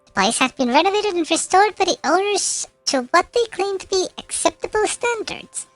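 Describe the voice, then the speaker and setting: A woman's voice: extremely high pitch, expressive, normal speed. A woman streamer reading game narration aloud, with occasional slips and self-corrections.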